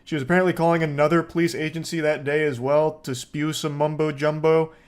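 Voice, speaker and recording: A man narrating and joking over footage in a sarcastic tone. His voice sits a bit high for a man. He swears casually as he riffs. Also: flat delivery, fairly quick, smooth. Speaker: commentator. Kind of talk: reaction commentary.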